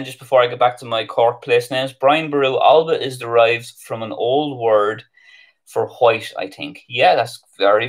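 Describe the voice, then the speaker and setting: A man with an Irish accent teaching Irish place names on a live stream, thinking aloud with ums and restarts. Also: on the low side. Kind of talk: live stream lesson, casual explaining.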